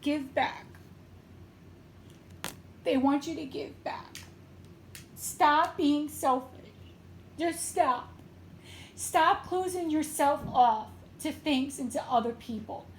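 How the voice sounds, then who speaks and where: A woman tarot reader and medium giving an emotional, tearful reading with a slow, pleading delivery. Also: sits high, roomy sound, a little hiss or hum.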